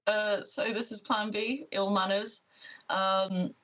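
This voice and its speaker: A British woman chats in a relaxed, explanatory way as a guest co-host. Her audio sounds dull and lo-fi. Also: mid-range voice, slow pace. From United Kingdom. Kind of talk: casual chat.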